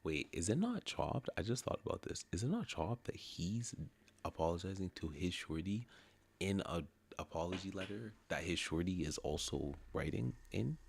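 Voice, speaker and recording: A man's voice: deep voice, very animated, moderate pace, gravelly, slightly rough. A man co-hosting a livestream, chiming in with laid-back slangy comments in casual chat. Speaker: streamer co-host.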